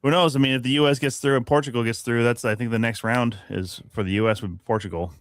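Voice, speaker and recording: A man's voice: medium pitch, steady tone, quick pace, dry recording, studio quality. A man co-hosting a podcast, ranting profanely in casual sports chat and laughing often. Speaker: podcast co-host.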